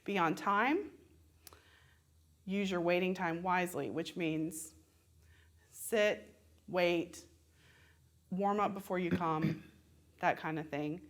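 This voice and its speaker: A woman with a Southern American accent teaches audition etiquette in a relaxed, conversational way. She chats and laughs easily, slipping into short acted-out examples to make her points. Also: fairly low pitch, slow pace, long pauses. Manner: chatty, laughs often, acts out examples. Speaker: voice and musical theatre instructor.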